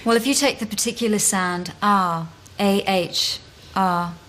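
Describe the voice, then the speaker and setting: A woman with an Australian accent, explaining as an accent coach in a measured way. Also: mid-range voice, fairly bright tone. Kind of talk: explaining in a TV documentary.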